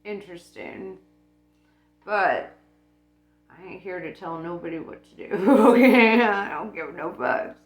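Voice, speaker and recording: A woman's voice: medium pitch, unhurried, pauses often. A woman talking casually about spirituality, blunt and profane, laughing often. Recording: echoey room with faint music.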